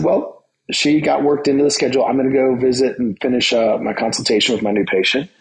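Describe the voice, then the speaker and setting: A man's voice: mid-range voice, vocal fry, low-quality recording. A middle-aged man, a dentist hosting his own show, casually telling a story from his workday and acting out the dialogue. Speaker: dentist and podcast host.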